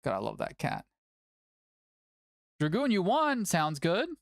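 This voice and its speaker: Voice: mid-range voice, wildly swooping pitch, slow, creaky, no echo. A playful stream host whose voice leaps up and down as they chat and coo. The sound is close and dry, with no room around it. The talk stays loose and casual between tournament updates. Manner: playful, chatty, often cooing at a cat.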